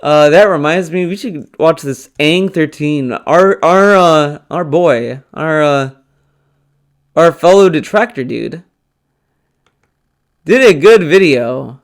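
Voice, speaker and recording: A man's voice: fairly high pitch, lively intonation, slow. A man giving casual, mocking commentary on a stream clip, rambling and trailing off. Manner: rambling, mocking, restarts and laughs. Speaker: commentary youtuber.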